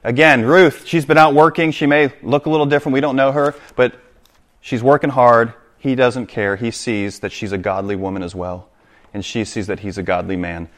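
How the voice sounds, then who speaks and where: A man's voice: mid-range voice, steady tone, moderate pace, a bit bright. A man preaching a sermon to his congregation, reading scripture aloud and explaining it with direct appeals to his listeners. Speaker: pastor.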